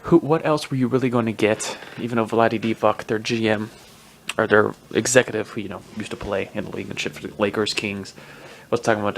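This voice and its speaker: A man's voice: fairly low pitch, steady tone, fairly quick, vocal fry, fairly bright tone, a little hiss or hum. A man hosting a solo sports podcast, rambling in a profane, self-mocking way and laughing often. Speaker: podcast host. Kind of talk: casual solo sports commentary.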